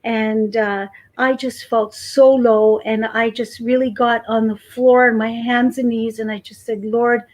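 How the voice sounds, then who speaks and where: A woman guest telling a personal story in a casual chat, animated and acting out what people said. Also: on the high side, a little slow, hardly any pauses, low-quality recording. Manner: animated storyteller, acts out quotes.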